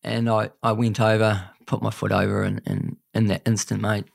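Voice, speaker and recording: Young kiwi guy, gravelly lowish voice, earnest, keeps saying mate, dry close sound. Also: flat delivery, no room sound. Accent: New Zealand. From New Zealand. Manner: earnest, repeats "mate", halting restarts. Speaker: guest. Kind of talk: emotional personal story in a podcast interview.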